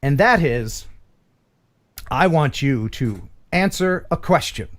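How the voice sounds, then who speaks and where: A man's voice: on the high side, animated, slow. A man from the USA hosting a casual live stream chat, joking, laughing often and slipping into playful impressions.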